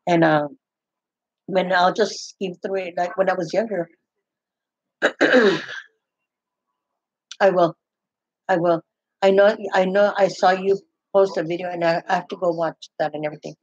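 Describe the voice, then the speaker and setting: A woman's voice: on the low side, fairly even intonation, unhurried, pauses often, a little mellow, dry recording. An older woman chatting casually, rambling, with many restarts and retold conversations. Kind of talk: casual chat. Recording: dull, muffled, lo-fi sound.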